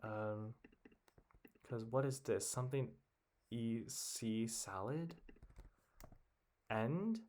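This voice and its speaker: A man's voice: medium pitch, animated, extremely slow, long pauses, darkish tone. A young man thinking aloud as he works a crossword alone, muttering guesses and half-words to himself. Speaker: puzzle solver. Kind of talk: casual solo commentary while solving.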